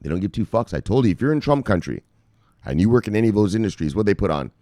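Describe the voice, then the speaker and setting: A man's voice: lowish voice, very animated, racing, warm tone, no room sound, clean studio sound. A man hosting crypto news, ranting with casual profanity and lots of fillers. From United States.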